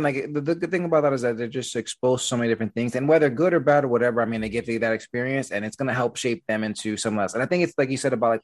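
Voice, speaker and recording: A man hosting a casual conversation, rambling along and often asking "you know what I mean". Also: mid-range voice.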